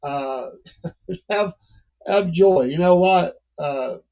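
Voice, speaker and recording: A man's voice: on the high side, drawn-out words, vocal fry, a little mellow, dull audio. An older man hosting a livestream, talking in a rambling, folksy way and chuckling often. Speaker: livestream host. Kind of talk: casual livestream monologue.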